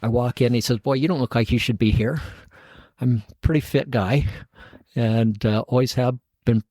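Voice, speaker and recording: A middle-aged man with a husky, slightly breathy voice at an ordinary pitch tells a personal story as a podcast guest. He acts out the lines of the people in it and chuckles along. The sound is dry and close, with no room around it. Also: normal speed, no room sound. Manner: animated storyteller acting out dialogue, chuckling at his own story. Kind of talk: storytelling in a casual interview.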